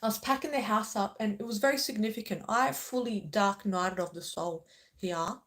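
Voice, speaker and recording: A woman's voice: mid-range voice, normal speed, a bit bright. Impassioned lady talking spirit stuff to her viewers, earnest, says okay a lot. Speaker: spiritual channel host. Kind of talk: emotional spiritual talk to viewers.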